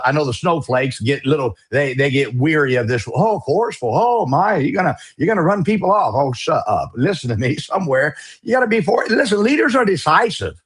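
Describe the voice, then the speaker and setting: A middle-aged man preaching a sermon as pastor, forceful and emphatic, with folksy, mocking asides. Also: high-pitched.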